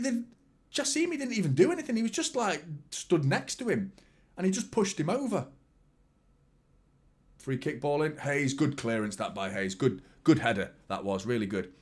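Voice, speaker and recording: A husky-voiced man hosts a football watchalong, reacting live at a normal speed with long pauses between remarks. His casual chat lurches from excited outbursts to low muttered asides, all live match commentary and conversation.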